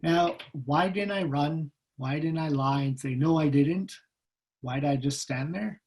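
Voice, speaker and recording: A man telling stories from his own life to an audience as a guest speaker, recorded over a video call. He talks in a lively, humorous way and slips into the voices of the people in his stories. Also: on the high side, measured pace, poor audio. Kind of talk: personal storytelling talk.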